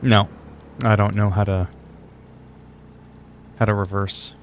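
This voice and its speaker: A male game streamer with a fairly low voice talks casually through his live gameplay. He answers his chat with wry, offhand remarks and mild curses. A faint hum sits under his voice. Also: little pitch movement, takes it slowly.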